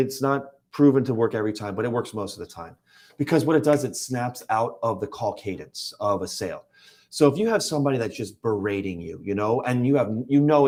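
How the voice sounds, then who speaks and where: Man, sales coach, emphatic, acts out calls, mid-pitched voice. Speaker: Medicare sales trainer. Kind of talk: panel discussion.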